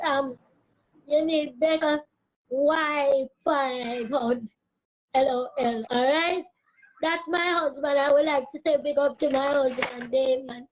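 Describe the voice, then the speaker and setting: A woman's voice: high voice, lo-fi sound. A woman chatting on a live stream from her phone, distracted and laughing at herself. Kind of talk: casual live stream chat.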